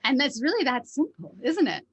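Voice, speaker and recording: A woman's voice: high voice, sing-song, moderate pace, heavy background noise. A woman hosting a mindfulness podcast, talking casually and chattily with a guest, often tagging her points with "right?". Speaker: podcast host, mindfulness teacher. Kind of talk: conversational interview.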